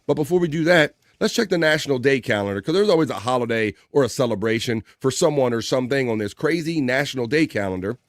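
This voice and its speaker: A man's voice: medium pitch, lively intonation, fast, hardly any pauses, no room sound, studio quality. A man hosting a casual daily live show, upbeat and reading viewer comments aloud. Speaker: livestream host. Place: home studio.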